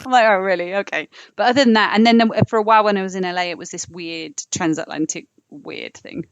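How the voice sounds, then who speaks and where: A woman's voice: lowish voice, steady tone, no room sound, lo-fi sound. A woman with a southern English accent, a singer chatting as a podcast guest in a bubbly, rambling way. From England, London. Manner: bubbly, rambling, quick asides. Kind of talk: casual podcast chat.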